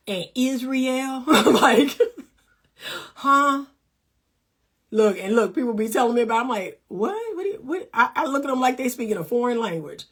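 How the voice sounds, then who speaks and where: A woman's voice: mid-range voice, husky. A woman in her fifties, a dating coach and counselor, talking to camera from her home studio in an emphatic, sassy way with frequent laughs. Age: 50s. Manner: emphatic and sassy, laughs often, acts out quoted people. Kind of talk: casual to-camera advice monologue.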